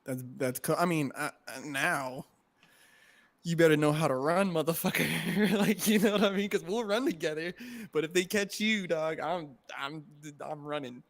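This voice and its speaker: A man's voice: on the high side, moderate pace, a bit bright. A young man co-hosting a podcast, telling a story in casual slang, swearing and saying "bro" and "dude" constantly. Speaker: podcast co-host.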